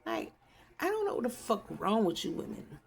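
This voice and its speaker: A woman's voice: medium pitch, moderate pace, gravelly. A woman vlogging to her channel, blunt and profane. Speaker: YouTube vlogger. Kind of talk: casual commentary vlog.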